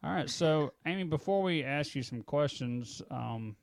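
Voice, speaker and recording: A man's voice: a little high, expressive, normal speed, creaky, no echo. Male host, organized questioner, dry close sound. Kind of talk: interview hosting.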